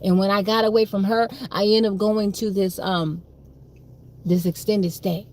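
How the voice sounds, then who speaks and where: A woman's voice: mid-range voice, fairly even intonation, a little slow, a little mellow. A young woman telling a personal story on a livestream, emphatic and repetitive, with frequent swearing. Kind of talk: livestream monologue.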